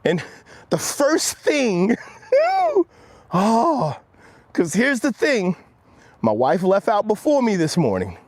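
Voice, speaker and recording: A man delivers an earnest pep talk while out on a walk, streaming live to his viewers. His pitch swings widely and sits a bit above the usual male range. He coaches steadily, and his voice drops low and quiet when he quotes himself. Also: sing-song, slow pace, no echo. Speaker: motivational live-stream host. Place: outdoors on a walk.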